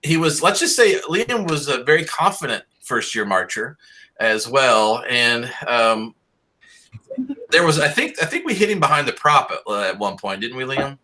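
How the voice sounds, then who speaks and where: A middle-aged high school band director on a video call praises his seniors in an upbeat, rambling way packed with fillers. His mid-range voice is very animated, pushed and bright, at normal speed.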